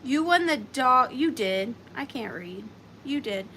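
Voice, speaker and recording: High bright-voiced woman live-streaming a sale. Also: animated, slow pace, slight background noise. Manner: chatty, playful, talks to viewers by name. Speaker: online seller hosting a live sale. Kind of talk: chatty live-stream selling.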